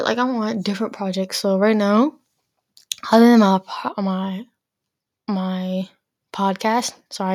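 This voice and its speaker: Recorded dry and at studio quality, a teen girl with a medium-pitched voice rants alone on her podcast. She sounds blunt and exasperated, using lots of filler words in this casual solo rant.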